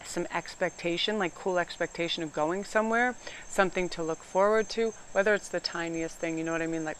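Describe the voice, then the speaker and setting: New lady doing a chatty tarot read outside, animated and loud at times, faint outdoor hiss. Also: lowish voice, fairly quick. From New England. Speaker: tarot reader. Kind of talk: casual tarot reading chat.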